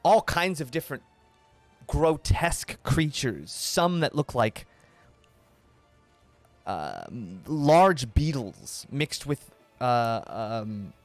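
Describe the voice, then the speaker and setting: A man's voice: mid-range voice, very animated, drawn-out words, pauses often, no echo, faint music behind. A man narrating a tabletop game as game master, describing scenes with many restarts and repeated words.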